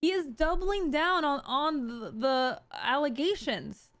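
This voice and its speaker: A woman's voice: sits high, no room sound. A woman streamer in casual livestream commentary, reading tweets aloud and picking them apart while talking to her chat. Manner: talks to chat, quick and animated.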